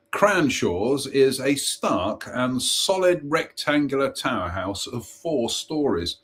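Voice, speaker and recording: Male host, slow, husky, reads ghost lore aloud, stumbles over names and mocks himself. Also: medium pitch, fairly bright tone. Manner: chatty, self-mocking asides, stumbles over place names. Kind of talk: live-stream ghost story reading.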